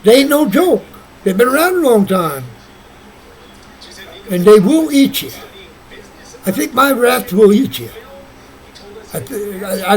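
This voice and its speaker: A man talks on in a loose, rambling monologue, circling back and repeating himself. His voice sits high and swings widely up and down as he goes. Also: a little mellow, poor audio. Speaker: vlogger.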